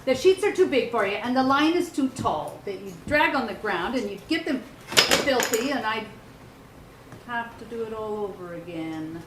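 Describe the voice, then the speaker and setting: An actress playing a stern, brisk older mother who scolds her grown son in a stage play. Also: a little high, expressive, background noise, natural voice. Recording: roomy stage recording.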